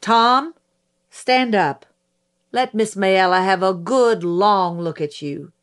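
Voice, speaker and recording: A steady middle-aged lawyer pressing his questions slowly and evenly, as a woman reads him in a storybook narration. His tone is dry and detached, never raised. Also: medium pitch, natural voice. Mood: measured. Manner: deliberate, dry, professional questioning. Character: calm, measured middle-aged male lawyer cross-examining.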